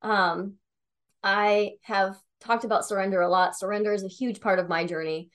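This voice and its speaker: Young woman, casual storytelling, chatty, filler-heavy, mid-pitched voice. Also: steady tone, moderate pace, a bit bright. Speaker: tarot reader.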